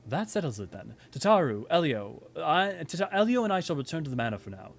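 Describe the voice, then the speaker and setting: A man's voice: on the high side, sing-song, fairly quick, creaky, a little hiss or hum. A man voicing an earnest young male noble scholar in a fan reading of game dialogue, speaking stiffly and politely.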